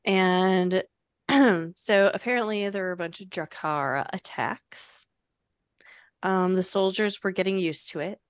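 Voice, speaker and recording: Woman podcast co-host, casual book recap, unhurried delivery, dry close sound, laughing asides. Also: mid-range voice, clear, resonant tone, no room sound. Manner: reads passages aloud with laughing asides.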